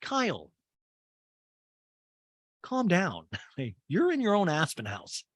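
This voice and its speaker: Campy man recapping with wild pitch swings. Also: huge pitch swings, measured pace, dry recording, studio quality. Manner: campy, acts out cast members in high mocking voices; swears freely, laughs at own jokes. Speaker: podcast host. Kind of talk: comedic reality TV recap.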